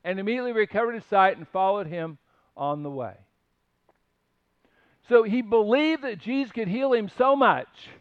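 A man's voice: high-pitched, smooth, no room sound, lo-fi sound. A man preaching a conversational sermon, earnest and emphatic as he retells stories. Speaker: pastor.

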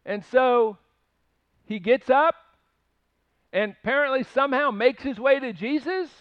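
A man's voice: extremely high pitch, measured pace, clean tone, dry recording, muffled recording. A man preaching a conversational sermon, earnest and emphatic as he retells stories. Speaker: pastor.

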